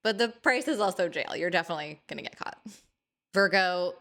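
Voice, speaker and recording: A woman's voice: fairly low pitch, animated, brisk, a bit bright. A woman hosting an astrology video, teasing the signs in a chatty, mock-dramatic monologue. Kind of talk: casual playful monologue to camera.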